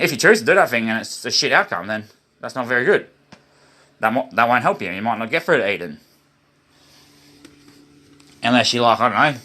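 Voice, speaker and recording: A low-pitched Australian man delivering a loose, wandering monologue to his viewers. His tone is bright and forceful, and he drifts between casual chat and half-preaching. He keeps turning to the audience as "guys.".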